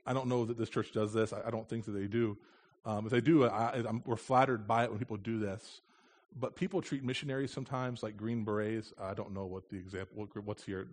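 Speaking in a voice on the low side, a U.S. missionary preaches a conversational sermon in church. His tone is earnest and plain, lightened here and there by a bit of humor.

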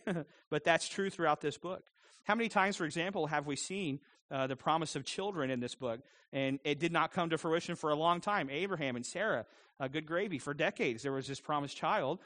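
A man's voice: a little high, fairly bright tone, no room sound. A man preaching a sermon as pastor, earnest, posing many rhetorical questions and chuckling often.

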